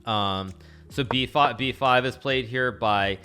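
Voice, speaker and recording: A man's voice: mid-range voice, slow pace, bright, forceful tone, clear, resonant tone, faint music behind. A man streaming a casual chess game analysis, rambling and often correcting himself. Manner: rambling, with frequent restarts and self-corrections.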